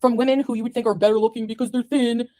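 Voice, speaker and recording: A woman rants furiously straight at the camera, cursing and sneering at the people who attack her online. Her voice sits a little high for a woman, and the delivery stays scornful and heated throughout. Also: steady tone, racing, dark tone. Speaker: vlogger in a played clip. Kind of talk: angry profane rant to the camera.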